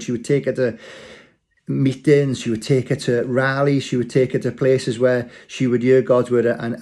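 A man delivering a casual church talk in a conversational, rambling way. He tells his story with many restarts and asides. His voice sits at an ordinary middle pitch. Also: warm tone. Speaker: church speaker. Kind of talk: informal sermon.

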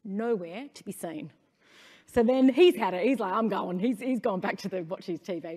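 A middle-aged Australian woman on stage at a conference, talking in an animated, storytelling way and often turning to the crowd with questions. Her voice sits at a medium pitch and carries a long reverb from the large hall around her. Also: moderate pace, husky. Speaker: conference speaker. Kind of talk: conference keynote talk.

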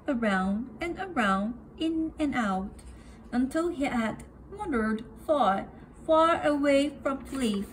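A woman reading a children's picture book aloud with slow, careful pacing. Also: a little high, slight background noise. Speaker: storybook reader.

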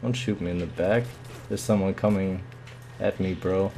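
A man's voice: sits low, fairly even intonation, normal speed, creaky, darkish tone, a little hiss or hum. A man commentating his own shooter match live, muttering and swearing with sudden yelps.

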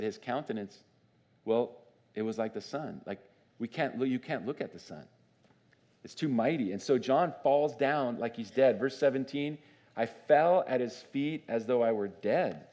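A man preaching a sermon as pastor in a church, conversational and animated, often asking the congregation questions. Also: medium pitch. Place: church sanctuary.

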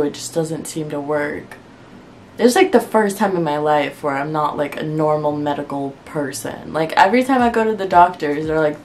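A woman with a fairly low voice talks casually to camera about her crafts. She sounds unwell and worn out, rambling in a wry, frustrated way and laughing through her complaints. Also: a little mellow, a little hiss or hum. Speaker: clay crafting vlogger.

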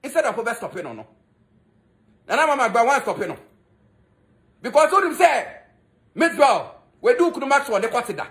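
A man's voice: very high voice, very animated, moderate pace, pauses often, fairly bright tone. A man with a Ghanaian accent giving a mocking, scolding gossip commentary that switches between Twi and English. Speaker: entertainment commentator.

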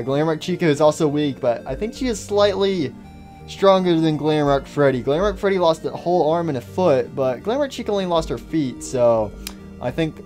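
A man's voice: fairly high pitch, darkish tone. A man hosting a game video with goofy, stammering casual commentary. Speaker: gaming host.

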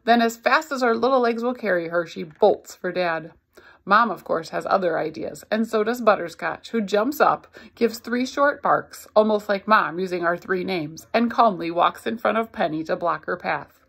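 A woman's voice: medium pitch, moderate pace, creaky, slightly rough. A woman reading a novel aloud, expressively voicing the narrator. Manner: expressive storytelling. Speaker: reader.

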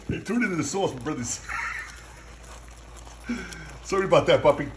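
A man filming a casual cooking and tasting vlog on his phone in a home kitchen. He is excitable and laughs often, and keeps calling his viewers brothers and puppy. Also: fairly high pitch, normal speed, pauses often. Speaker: food vlogger. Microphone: phone camera. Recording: noisy kitchen with frying. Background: food frying.

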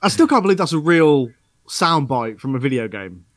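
Podcast host with a dry, close sound. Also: male voice, medium pitch, very animated, normal speed, dry recording. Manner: upbeat banter, laughs, stammering restarts. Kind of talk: casual chat.

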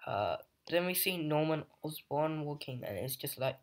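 A man's voice: on the high side, animated, normal speed. A man casually recapping a comic book's plot, rambling with fillers and restarts. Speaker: comic book reviewer.

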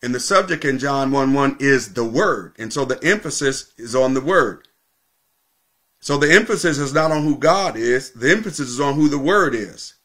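A male pastor preaching a sermon, teaching with emphatic repetition and slowing down to stress key points. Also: medium pitch, expressive, a bit bright.

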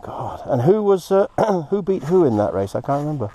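Excitable man whispering in awe. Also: fairly high pitch, normal speed, dull audio, slight background noise. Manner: excitable, gasping, drops to breathy whispers. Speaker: host, moldavite hunter. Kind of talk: casual vlog chat. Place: outdoor quarry.

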